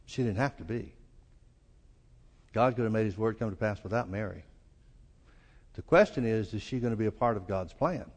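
Southern pastor preaching in a hall. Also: male voice, sing-song, normal speed. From American South. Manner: folksy, acts out quoted lines with rising pitch. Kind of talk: sermon. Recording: long reverb of a church hall.

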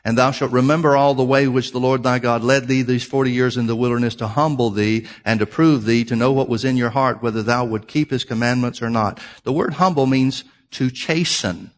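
A man's voice: medium pitch, fairly even intonation, brisk, few pauses. A man preaching a sermon, reading scripture aloud and explaining it, emphatic and repeating key phrases for his listeners.

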